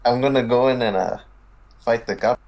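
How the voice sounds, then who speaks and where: A man voicing a goofy male adventurer in a put-on Spanish accent, halting and full of fillers during a tabletop game. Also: mid-range voice, a little mellow, lightly acted. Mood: hesitant. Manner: halting, filler-heavy speech. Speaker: player. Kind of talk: playing a tabletop game over voice chat.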